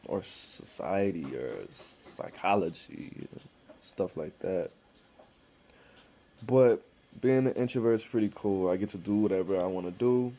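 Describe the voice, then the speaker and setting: Blunt low-voiced man swearing freely. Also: mellow. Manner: blunt, heavy swearing, rambling. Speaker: vlogger. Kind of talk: casual monologue to camera.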